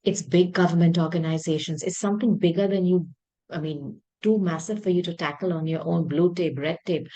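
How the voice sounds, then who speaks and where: A woman with a low, husky voice gives a tarot reading to her viewers. She speaks emphatically and by intuition, doubling words for stress and clearing her throat now and then. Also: a little fast, warm tone, low-quality recording. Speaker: tarot reader.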